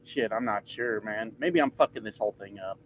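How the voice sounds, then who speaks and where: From inside his truck cab, a man livestreams while driving, rambling through viewer comments with jokes and profanity. His voice is on the low side, a bit bright, and a little fast, and the rough recording has some hiss or hum.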